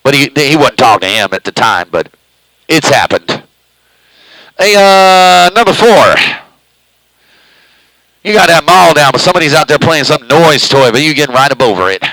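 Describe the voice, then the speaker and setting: Broadcasting live on his home CB radio station, a man drawls loosely right up against the microphone and jokes that he eats it. His voice is fairly high and sharp, with lively intonation, normal speed and long pauses. The audio is poor, with no room sound.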